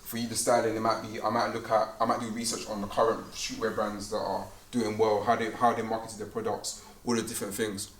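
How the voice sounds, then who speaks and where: A man's voice: on the low side, flat delivery, brisk, few pauses. Young man, conference speaker, casual slangy storyteller; distant mic in a big echoey hall. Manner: chatty, slangy, storytelling with laughs. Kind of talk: casual faith talk to students. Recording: roomy hall, distant mic, background hum.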